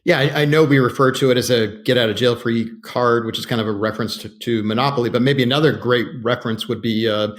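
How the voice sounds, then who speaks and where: A man's voice: medium pitch, fast talker, few pauses. Easygoing podcast co-host, a man. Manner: relaxed, steers the conversation with questions. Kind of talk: casual conversational chat.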